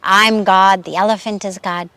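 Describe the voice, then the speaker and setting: A woman's voice: mid-range voice, fairly even intonation, moderate pace, pushed and bright, clear, resonant tone, no echo. A woman voicing a proud, stubborn young male disciple in a story she tells, sounding self-assured and insistent. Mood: defiant.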